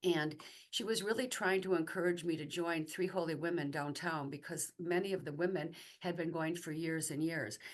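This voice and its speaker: A middle-aged woman, a guest, telling a personal faith story in a conversational way, pausing with fillers and restarts. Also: low voice.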